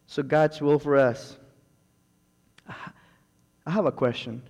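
A man's voice: a little high, steady tone, measured pace, vocal fry, long pauses, darkish tone. Fervent preacher man in a reverberant hall. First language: not English. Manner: fervent, repetitive thanks, calls of amen. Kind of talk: sermon.

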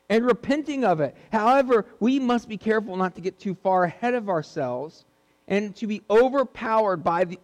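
A man with a high voice preaches an earnest sermon. He repeats key points to drive them home. His voice rings out with a long reverb, as in a church hall.

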